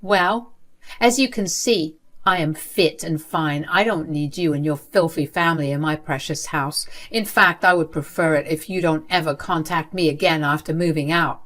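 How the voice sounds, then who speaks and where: A woman voicing a cold, contemptuous older grandmother who runs a school, in a lowish voice. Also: normal speed, fairly bright tone. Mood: scornful. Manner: contemptuous and dismissive.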